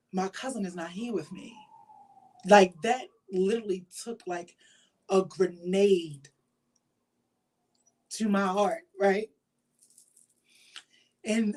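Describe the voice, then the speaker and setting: A woman hosting her own show speaks straight to the camera. Her talk is casual and earnest, full of fillers, and she sounds heartfelt and driven by faith. Her voice sits at a middle pitch for a woman. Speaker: show host.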